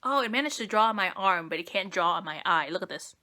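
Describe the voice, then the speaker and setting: A woman's voice: medium pitch, animated, fast, pushed and bright. A young woman rambling through a makeup tutorial, self-deprecating and talking to herself as she works. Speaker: beauty vlogger.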